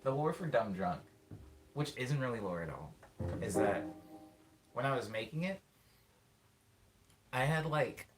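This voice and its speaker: A man's voice: medium pitch, sing-song, unhurried, long pauses, very noisy. A man, a musician, chatting casually with his stream viewers and rambling as he thinks aloud with lots of fillers. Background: loud guitar playing.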